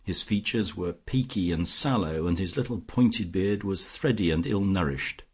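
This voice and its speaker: A man reading a classic detective story aloud as an audiobook narrator, in a measured first-person telling. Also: low-pitched, slightly rough. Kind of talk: scripted narration.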